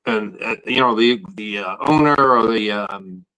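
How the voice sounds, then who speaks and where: A man's voice: fairly low pitch, measured pace, bright, forceful tone, low-quality recording. A man, talking casually and rambling about protesting outside a court, often restarting his sentences. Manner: rambling, repeats words when starting sentences. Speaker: guest protester. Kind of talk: casual podcast chat.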